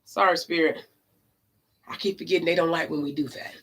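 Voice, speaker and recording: A woman who reads tarot cards, telling a story in a casual vlog. She talks emphatically and swears, swinging between loud and low. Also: fairly even intonation, fairly quick. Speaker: tarot card reader.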